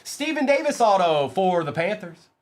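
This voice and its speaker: Casting: male card-break streamer, lively pitch swings, quick excitable banter with chat.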